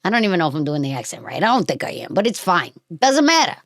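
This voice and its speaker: A woman's voice: lowish voice, sing-song, fast talker, dry recording, clean studio sound. A woman hosting a podcast, chatting casually in a rambling, playful way with lots of fillers. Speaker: podcast host.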